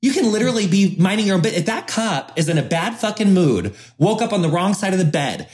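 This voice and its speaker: A man's voice: sits high, sing-song, fast, a little mellow. A male podcast host talking in a slightly raised voice, loose and rambling. He restarts his sentences often and drops swear words for emphasis. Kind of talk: casual podcast conversation.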